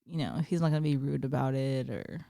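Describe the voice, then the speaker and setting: A woman's voice: very deep voice, fairly quick, vocal fry, mellow. A woman, chatting as a podcast guest and telling stories with lots of fillers. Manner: chatty storyteller with many fillers. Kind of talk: casual chat.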